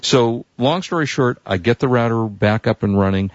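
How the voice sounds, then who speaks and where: A man's voice: mid-range voice, moderate pace, no echo. A man hosting a tech news show, telling a rambling story and acting out the people he quotes. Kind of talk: casual chat, long anecdote. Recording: dull lo-fi dry sound.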